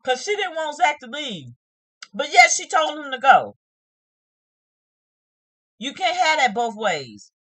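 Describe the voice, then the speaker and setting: A woman's voice: high voice, very animated, takes it slowly, long pauses, fairly bright tone, dry recording. A woman giving a casual, emphatic recap of a reality show, scolding the people in it and acting out what they said. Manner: emphatic, scolding, retells scenes with acted quotes.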